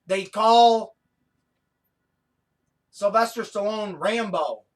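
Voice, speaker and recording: Excitable, foul-mouthed man, slightly high voice. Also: very slow. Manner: profane, excitable, laughs easily. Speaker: podcast co-host. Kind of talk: casual chat.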